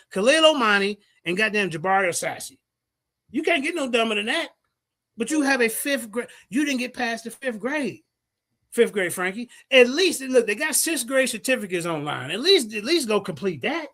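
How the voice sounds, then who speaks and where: Man, high and lively voice, cocky debate-stream host on a heated rant. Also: fairly quick. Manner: brash, profane, mocking, reads out sources. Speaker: livestream host.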